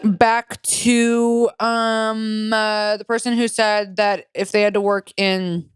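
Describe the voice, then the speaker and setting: Young female podcast co-host, crisp voice in a dead-dry booth, foul-mouthed and giggly. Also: medium pitch, little pitch movement, slow, no room sound. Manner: profane, laughs while reading stories aloud. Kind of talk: casual podcast chat.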